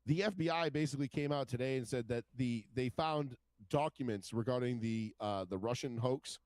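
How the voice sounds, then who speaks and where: A man co-hosting a casual podcast chat, talking in an animated, profane, rambling way. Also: medium pitch, normal speed, no room sound. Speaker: podcast co-host.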